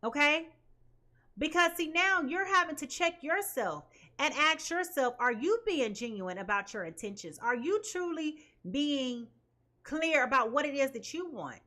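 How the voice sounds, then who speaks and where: Woman, high voice, bright tone, emphatic tarot reading, checks in with viewers. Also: animated, a little slow. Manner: emphatic, keeps asking "okay?". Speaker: tarot reader.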